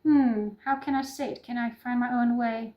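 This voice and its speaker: A woman's voice: a little high, fairly even intonation, normal speed, highs cut off. A woman with a Norwegian accent chatting in a rambling, improvised way for her vlog, often apologizing and restarting. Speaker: YouTuber. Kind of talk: casual improvised vlog chat. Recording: echoey room.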